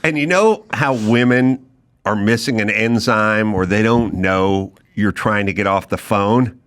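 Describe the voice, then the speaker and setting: A man's voice: lowish voice, measured pace, fairly bright tone, clear, resonant tone. A middle-aged man hosting a podcast, telling rambling comic stories and acting out phone voices. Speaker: podcast host. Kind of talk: casual comedic chat.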